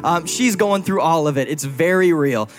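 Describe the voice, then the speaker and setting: A man's voice: fairly high pitch, moderate pace, soft background music. A young man preaching a sermon to a congregation, conversational and playful, teasing his wife. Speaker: pastor. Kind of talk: sermon with personal stories. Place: church before a congregation.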